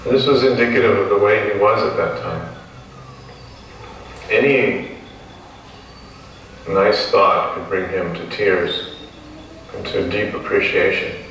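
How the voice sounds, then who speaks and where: Man, lowish, earnest reminiscence, distant with heavy echo. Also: a bit bright, a little hiss or hum. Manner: earnest, quotes others, slows at moving moments. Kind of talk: reminiscing talk. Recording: echoey room, distant mic.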